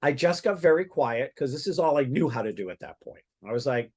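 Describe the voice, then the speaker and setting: Man rambling thru a story on a podcast, lots of ums and restarts, medium pitch. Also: very animated, a little fast, hardly any pauses, darkish tone, slightly rough. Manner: rambling, many restarts and fillers. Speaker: guest psychic medium. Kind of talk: casual storytelling.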